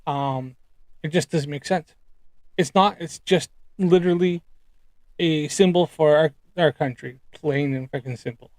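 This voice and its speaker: A man chatting casually on a live stream, rambling with many ums and pauses while reacting to clips. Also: on the high side, a little mellow, dry recording. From United Kingdom.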